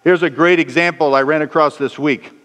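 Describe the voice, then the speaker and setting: A man preaching a sermon, telling stories and acting out the lines of the people in them, his pitch swinging high and low. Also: steady tone, a little fast, fairly bright tone. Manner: storytelling with acted dialogue, pitch swinging up and down. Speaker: pastor. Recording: long echo of a large hall.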